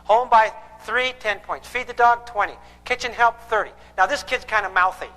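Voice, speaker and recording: A high-pitched, bright-toned man lecturing parents in a large room with a long, ringing reverb. He speaks emphatically and keeps checking whether his listeners follow. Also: moderate pace, faint music behind. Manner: emphatic, quizzes the audience with repeated questions. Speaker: parenting counselor. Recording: echoey hall with long reverb.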